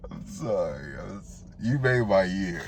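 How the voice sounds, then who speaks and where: A man's voice: sits low, very animated, measured pace, slight background noise. A man in his twenties co-hosting a casual podcast, teasing and laughing as he repeats the same taunt. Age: 20s. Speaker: podcast co-host. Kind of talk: casual chat.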